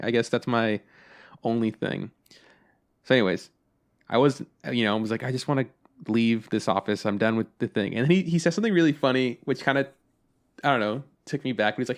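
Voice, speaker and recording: A man's voice: medium pitch, fast. A young adult man co-hosting a podcast in casual chat, telling stories animatedly, acting out both sides of conversations and swearing casually. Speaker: podcast co-host.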